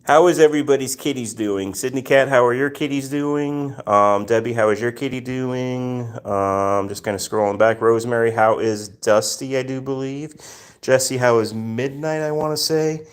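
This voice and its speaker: A man's voice: medium pitch, normal speed, smooth. A man hosting a casual live stream with his rescue cats, greeting viewers by name in a chatty manner with many fillers.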